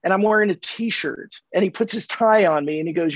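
A man from California, a sales coach on a podcast, telling animated stories and acting out the dialogue. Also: sits high, brisk, no echo. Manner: animated, acts out dialogue in anecdotes. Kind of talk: conversational storytelling. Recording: dull dry lo-fi audio.

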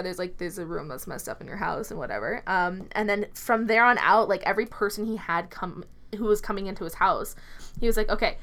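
A woman's voice: medium pitch, a bit bright. A woman in her twenties telling personal stories in casual chat, quoting people and laughing often. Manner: chatty, quotes people often, laughs a lot. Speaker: podcast co-host.

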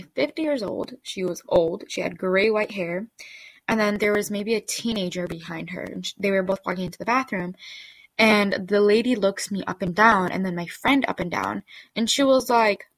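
A woman's voice: medium pitch, normal speed. A woman hosts her podcast and tells a story from her own life in a loose, talkative style. Her speech is packed with "like" and "okay?" as she goes. Her voice sits in a middle range and sounds dry and close, with no room echo. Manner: chatty, full of "like" and "okay?". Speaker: podcast host. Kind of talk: casual storytelling.

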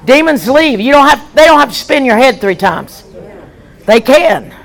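High-voiced woman evangelist shouting commands. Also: very animated, creaky, rough recording. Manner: forceful rapid-fire commands, often shouted; leads the audience in call-and-response. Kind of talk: leading a deliverance prayer session.

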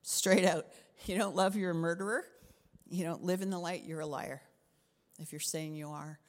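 A middle-aged Canadian woman preaching a sermon as a pastor, expressive, sometimes dropping her voice to a whisper for emphasis. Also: lowish voice, normal speed, long reverb tail.

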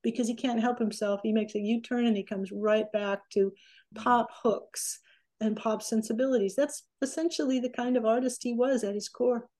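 A woman's voice: on the high side, normal speed. A woman in her sixties, a recording engineer, telling stories as an interview guest and acting out what people said. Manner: animated, acts out quoted remarks. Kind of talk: conversational storytelling.

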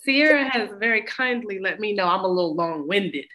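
A woman's voice: medium pitch, expressive, fairly quick, bright, forceful tone. A woman co-hosting a podcast in casual, playful chat, laughing often. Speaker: podcast co-host.

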